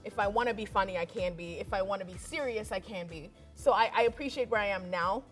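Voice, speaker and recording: A woman in her thirties from Kenya, a radio host chatting frankly as a guest on a talk show, laughing often. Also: fast talker. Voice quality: squeaky voice, in her own view. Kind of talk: casual chat interview. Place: TV studio. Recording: TV studio with faint music.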